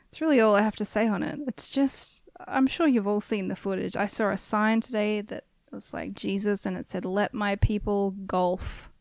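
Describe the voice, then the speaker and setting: A woman's voice: medium pitch, brisk, gravelly, hardly any pauses, darkish tone, no echo. A woman co-hosting a podcast, giving blunt, sardonic opinions in casual chat. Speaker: podcast co-host.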